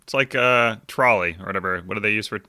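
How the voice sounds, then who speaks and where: A man's voice: on the low side, quick pace, clear, resonant tone, no echo. A man co-hosting a casual book-club podcast, ranting with lots of swearing. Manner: animated, profane ranting. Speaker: podcast co-host.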